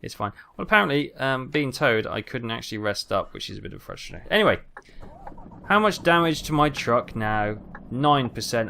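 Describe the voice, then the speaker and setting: Male let's-play host, rambling and easily exasperated, over loud game engine noise. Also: mid-range voice, lively intonation, a little fast, gravelly. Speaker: gaming channel host. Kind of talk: casual let's-play commentary. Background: truck simulator engine and road sounds.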